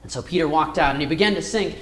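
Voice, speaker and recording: A man's voice: on the high side, fast, a little hiss or hum. Man teaching a Bible class, echoey room. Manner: reads verses aloud and retells the story with wide swings in loudness.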